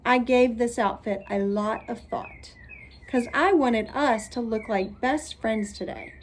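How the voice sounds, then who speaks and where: A woman's voice: fairly high pitch, measured pace, slight background noise, natural voice. A woman voicing a bossy, showy first-grade girl in a pushy, sing-song way for a storybook reading.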